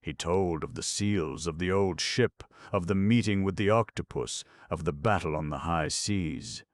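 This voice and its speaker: A man reading an audiobook in steady, measured scripted narration. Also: low voice, no echo.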